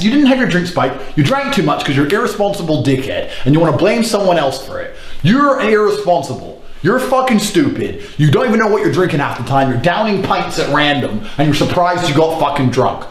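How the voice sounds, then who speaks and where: A man's voice: fairly high pitch, big pitch swings, a little fast, few pauses, reverberant, low-quality recording. A man ranting bluntly and crudely, dismissive and insulting. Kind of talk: ranting monologue.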